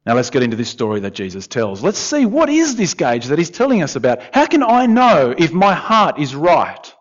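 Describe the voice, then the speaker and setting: A man preaching a sermon in a conversational, animated way, with asides to the congregation. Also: a little high, moderate pace. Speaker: pastor. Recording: dull, lo-fi sound.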